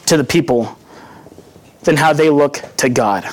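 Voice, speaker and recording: A man's voice: a little high, unhurried. A young adult man giving a sermon in an earnest, conversational teaching manner, acting out quotes as he goes. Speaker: preacher.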